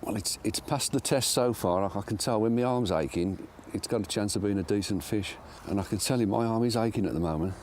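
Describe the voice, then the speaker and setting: A man's voice: lowish voice, fairly quick, hardly any pauses, darkish tone, slight background noise. Self-deprecating older man angling outdoors. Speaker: angler co-presenter. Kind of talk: casual fishing chat. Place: outdoors at a lake.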